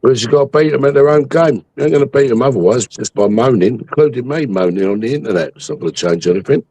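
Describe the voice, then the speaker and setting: A man's voice: medium pitch, animated, fast talker, dark tone, slightly rough, dry recording, poor audio. Sweary man in his sixties ranting. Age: 60s. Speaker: livestream host. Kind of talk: heated political chat.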